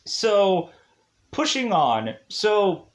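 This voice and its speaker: A man's voice: high voice, very animated, extremely slow. A man casually recapping a TV episode in a rambling way, using lots of filler words, laughing at his own jokes and acting out the characters' lines in mocking voices. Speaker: TV review host.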